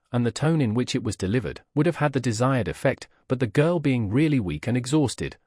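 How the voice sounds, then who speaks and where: A male audiobook narrator reads a classic novel with expressive storytelling. His voice is husky and moves through lively pitch swings. The recording is dry and close. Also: no room sound. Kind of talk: scripted narration.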